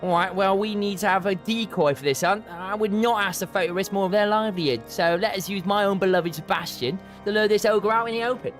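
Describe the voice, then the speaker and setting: A man's voice: high-pitched, a little fast, hardly any pauses, faint music behind, lightly acted. Man doing a brash Essex hunter. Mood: cheery. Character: brash Essex-accented hunter villager, adult.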